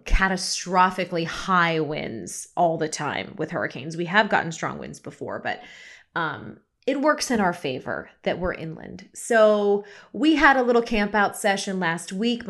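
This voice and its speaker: A woman in her thirties hosts a solo talk podcast and chats casually with her listeners. Her voice sits a little low and carries the smooth, practiced delivery of someone who once read the TV news. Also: expressive, a little slow, a bit bright. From United States. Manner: former TV news presenter, chatty and self-aware. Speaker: podcast host.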